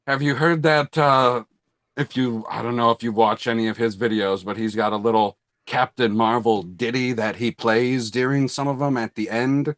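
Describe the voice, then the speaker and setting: Man, casual chat host, excitable storyteller, swears freely. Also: medium pitch, moderate pace, no room sound. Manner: animated storyteller, acts out quotes in a raised voice.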